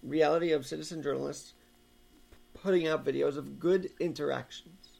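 Male co-host, heavy vocal fry, earnest opinion talk. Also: fairly high pitch, fairly even intonation, moderate pace, darkish tone. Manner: earnest, opinionated, building an argument. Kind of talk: casual political talk show chat.

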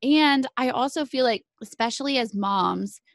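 Animated woman host, dry close sound. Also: a little high, normal speed, dry recording. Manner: animated storytelling, laughs often. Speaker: podcast host. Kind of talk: casual conversation.

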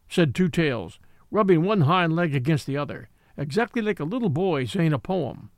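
Expressive male audiobook narrator, lively. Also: fairly high pitch, moderate pace, no echo. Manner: expressive storytelling.

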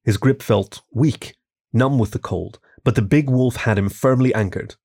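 A man narrates a story in a calm, measured way, with gravel in his voice. The recording is dry and close, with no room sound. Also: medium pitch, no room sound. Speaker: story reader. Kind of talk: scripted narration.

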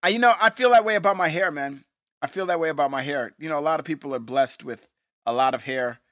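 Bright, dry-sounding man chatting. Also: a little high, no echo. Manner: talkative, joking, quick to riff. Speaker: podcast co-host. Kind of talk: casual chat.

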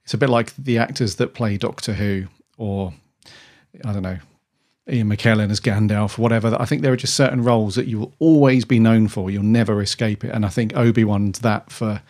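A man's voice: fairly low pitch, fairly even intonation, a little fast, a little mellow. A man co-hosting a podcast, chatting casually and rambling with restarts. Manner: rambling, with many restarts and "dude". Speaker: podcast co-host. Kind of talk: casual chat.

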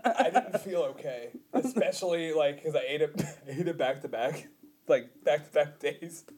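Man co-hosting a comedy podcast, husky voice, lively pitch, crude jokes. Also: moderate pace. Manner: joking, laughing often, crude. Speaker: podcast co-host. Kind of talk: casual comedic chat.

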